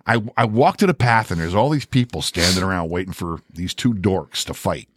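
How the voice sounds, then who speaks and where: A man's voice: low-pitched, brisk, husky, no room sound. An older man, a podcast co-host, telling a story in casual, profane talk and acting out the voices. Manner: profane, animated storyteller who acts out voices.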